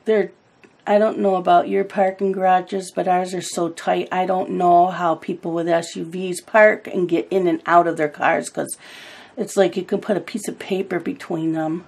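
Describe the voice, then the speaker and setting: A woman's voice: lowish voice, little pitch movement, normal speed, vocal fry, darkish tone. A middle-aged woman chatting casually about her day while she colors, telling family stories in a loose, rambling way. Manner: chatty storytelling, laughs at family anecdotes. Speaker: coloring channel host.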